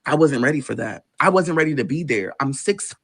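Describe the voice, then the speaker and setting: A man's voice: animated, fairly quick, creaky, a bit bright. A man guest telling an emotional personal story, intense and swearing as it builds. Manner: intense, swearing, rising pitch in tense moments.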